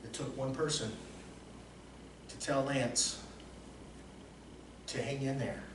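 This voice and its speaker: A man acting as a motivational coach, telling stories in an emphatic, repetitive way that swings between soft and loud. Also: mid-range voice, steady tone, takes it slowly. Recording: roomy echo, distant mic, faint noise.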